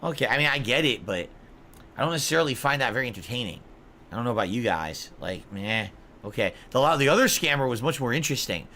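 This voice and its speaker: A man hosts his live stream and rambles through his reactions to videos. His bright voice has a faint hiss of noise behind it. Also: mid-range voice, expressive, fast. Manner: rambling, puzzled commentary. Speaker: streamer host.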